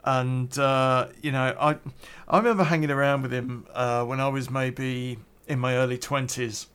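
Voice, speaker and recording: A middle-aged man tells a personal story in a loose, unscripted way. He rambles, hesitates and circles back over his words, leaning on fillers as he goes. His voice sits at an ordinary, mid-range pitch for a man. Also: fairly even intonation, moderate pace, a bit bright, clear, resonant tone. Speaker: podcast storyteller. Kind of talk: casual spoken storytelling.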